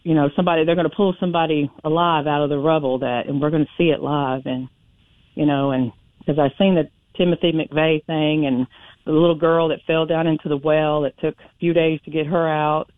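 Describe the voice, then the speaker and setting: A woman calling in to a radio talk show, telling a personal story in a chatty, animated way. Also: low voice, a little fast, no room sound. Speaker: caller. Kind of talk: phone-in storytelling. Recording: tinny phone line.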